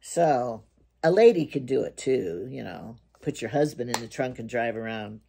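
A woman's voice: a bass voice, lively intonation, moderate pace, gravelly, warm tone, a little hiss or hum. An older woman with grandkids, talking casually to camera in a rambling, chatty way and telling jokes. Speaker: vlogger.

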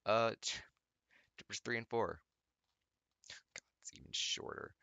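A man's voice: on the low side, unhurried, creaky, bright, forceful tone, clear, resonant tone, dry recording, whispered. A young man reading fan fiction aloud, breaking off often with sarcastic remarks and laughter. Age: young adult. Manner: sarcastic, laughs often, stumbles over words. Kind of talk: reading aloud with mocking commentary.

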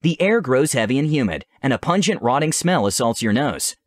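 A man narrating a tabletop adventure as game master, with measured, descriptive storytelling. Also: medium pitch, big pitch swings, no room sound.

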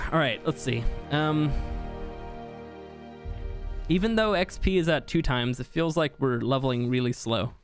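A man's voice: fairly high pitch, expressive, measured pace, long pauses, music in the background. A young man hosting a live game stream, chatting casually and reading viewer comments aloud with easy laughs. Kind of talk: casual live-stream chat while gaming.

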